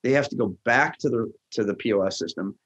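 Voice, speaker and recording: A man's voice: fast, a bit bright, lo-fi sound. A middle-aged man, a restaurant tech founder, telling stories in an interview and acting out the lines of the people in them. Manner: acts out quoted dialogue with jumps in pitch. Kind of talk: animated storytelling in a podcast interview.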